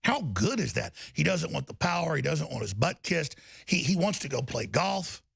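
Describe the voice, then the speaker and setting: A man's voice: on the high side, very animated, moderate pace, creaky, a bit bright, slightly rough, no echo. A man hosting a talk show, delivering heated, emphatic political commentary and repeating words as he gets riled up.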